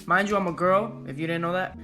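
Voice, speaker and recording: A teenage woman in an animated, slangy casual story-time retelling. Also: fairly low pitch, fast talker, music in the background. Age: teens.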